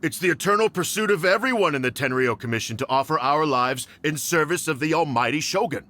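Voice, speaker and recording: A man's voice: on the high side, animated, fairly quick, sharp tone, a little hiss or hum. A stammering, nervous old nobleman. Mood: flustered. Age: older. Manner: stammering, hesitant. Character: nervous aging Takatsukasa noble man, timid, stammering. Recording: game audio with music.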